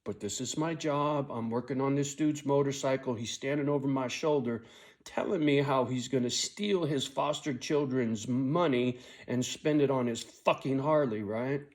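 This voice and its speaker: A man's voice: mid-range voice, normal speed. A middle-aged man telling a personal story in a blunt, casual way, swearing a lot and often tagging his lines with "right?". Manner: blunt, heavy swearing, frequent "right?" tag; angry when telling the story, quiet and weary when reflecting.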